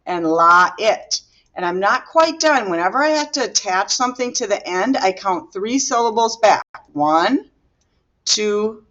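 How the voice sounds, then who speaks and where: Woman teacher, unhurried and patient, walking students through grammar, muffled lo-fi recording. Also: medium pitch, a bit bright. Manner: patient, explaining step by step while writing. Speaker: Spanish teacher. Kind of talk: recorded classroom grammar lesson.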